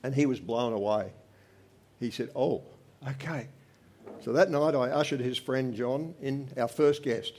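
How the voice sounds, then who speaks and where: An older man, giving an earnest personal testimony to a church congregation, swinging from animated to quiet. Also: medium pitch, measured pace, a little hiss or hum.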